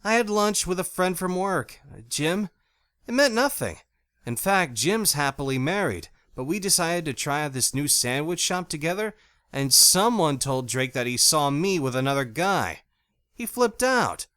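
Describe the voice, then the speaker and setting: A hot-tempered young woman in an audiobook, as a male narrator puts her on, bright and lively in tone. She snaps out curt, blunt retorts, recorded dry and close. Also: on the high side, measured pace, clear, resonant tone, dry recording, pitched above the performer's own voice. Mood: wry. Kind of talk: audiobook character voice.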